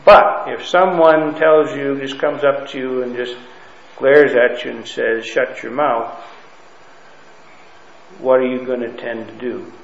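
A man's voice: medium pitch, steady tone, measured pace. A man teaching a Bible lesson to a class, talking conversationally and often checking in with his listeners. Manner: conversational, keeps checking in with "okay?" and "right?". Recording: roomy, dull lo-fi room recording.

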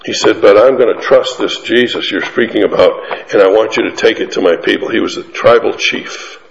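A man preaching a sermon, telling a mission story with animated, emphatic delivery that climbs to high peaks. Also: creaky, slight background noise. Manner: animated, rising to emphatic peaks, drawn-out lines. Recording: echoey hall, muffled sound.

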